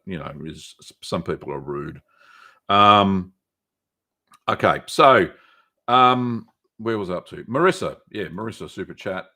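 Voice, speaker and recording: A man's voice: deep voice, bright, forceful tone. A man hosting a casual live stream, answering viewer questions with many ums and restarts. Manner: rambling, many ums and restarts, reads chat aloud.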